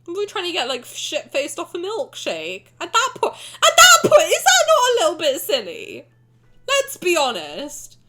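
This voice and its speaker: A young woman streaming live, her voice high and bright, swinging up and down with lots of expression. She talks in a casual, teasing, blunt way, cursing freely and breaking into giggles. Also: wildly swooping pitch, normal speed, soft background music.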